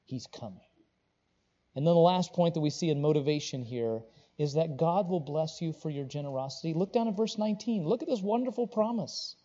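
A man preaching a sermon, rising to loud, pressing emphasis and then dropping to low, earnest tones. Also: fairly quick, in a large hall, dull audio. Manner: swings between loud preaching and quiet, low earnest talk. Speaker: pastor.

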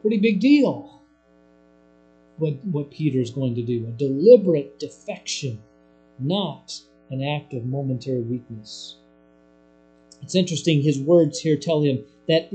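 A man preaching a sermon, swinging between hushed, low lines and loud, emphatic ones. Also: expressive, measured pace, soft background music, rough recording.

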